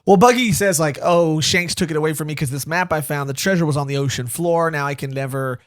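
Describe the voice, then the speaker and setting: A man co-hosting a podcast, chatting casually and joking, retelling scenes with animated quotes. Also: on the high side, fast talker. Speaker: podcast co-host. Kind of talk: casual chat.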